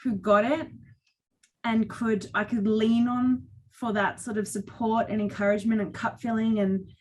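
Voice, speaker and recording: A woman, speaking on a conference panel and telling stories with lively acted quotes. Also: on the high side, normal speed, slight background noise. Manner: animated storytelling with acted quotes. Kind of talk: panel discussion.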